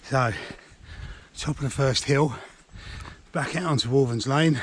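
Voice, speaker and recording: Walking guide, middle-aged, relaxed trail directions with deadpan jokes, outdoors. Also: male voice, medium pitch, takes it slowly, long pauses, husky. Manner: gives route directions, dry jokes; talking while hiking. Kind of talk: casual walking vlog narration. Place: outdoors on woodland lanes and hills.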